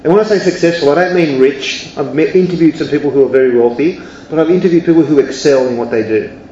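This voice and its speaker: A man who teaches at a university tells a story to his audience in a chatty, checking-in way. His voice sits a little high. The sound is roomy and slightly dull. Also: fast talker, dark tone, slight background noise. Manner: conversational, keeps checking in with "yeah?" and "right?". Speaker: university educator and researcher.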